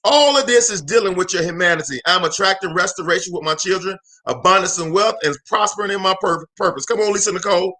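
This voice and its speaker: A high-voiced motivational speaker and show host talks at a quick pace with few pauses, alone in a room during a live session. Like a preacher, he energetically repeats phrases and emphatically calls out to viewers.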